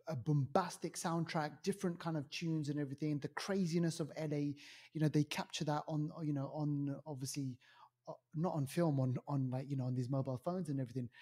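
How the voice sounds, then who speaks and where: A man chats his way through a film review on a podcast. His voice is mellow and a little husky, and he rambles with plenty of fillers in an animated, easygoing way. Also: fairly high pitch. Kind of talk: casual chat. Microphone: podcast mic.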